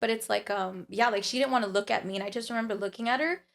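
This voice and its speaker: A woman's voice: fairly high pitch, quick pace, creaky, a little hiss or hum. A young woman telling personal stories in casual chat as a podcast guest, full of fillers and acted-out quotes. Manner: storytelling with many fillers and quoted voices.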